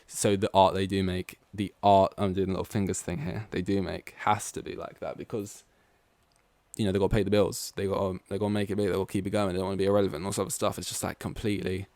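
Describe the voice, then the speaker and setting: A man's voice: deep voice, level tone, fast talker, a little mellow, no room sound. Rambling man hosting a solo podcast. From East London, England. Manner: rambling, goes off on tangents, heavy use of "like". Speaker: podcast host. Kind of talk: solo casual podcast monologue.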